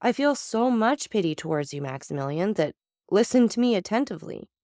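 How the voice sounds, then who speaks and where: A woman's voice: medium pitch, expressive, a little fast, mellow, no echo, studio quality, natural voice. A woman voicing a mysterious, commanding nobleman in a storybook reading, solemn and persuasive.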